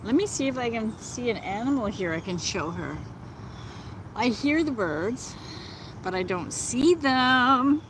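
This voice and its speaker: A woman chatting gently on a live stream from outdoors, laughing often. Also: on the high side, animated, measured pace, background noise. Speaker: vlogger. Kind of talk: casual live-stream chat. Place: outdoors in nature.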